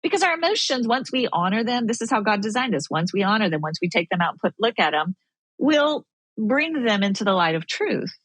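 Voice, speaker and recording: A woman guest in a casual faith-based conversation, animated and acting out her own inner thoughts. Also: medium pitch, brisk, no echo. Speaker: podcast guest.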